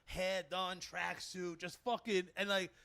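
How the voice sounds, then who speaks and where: A man with a Brooklyn accent hosts a loose comedy chat, his voice sitting high for a man. He talks bright and sharp, rambling through crude stories with plenty of laughs. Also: level tone, measured pace, creaky, smooth. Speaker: host.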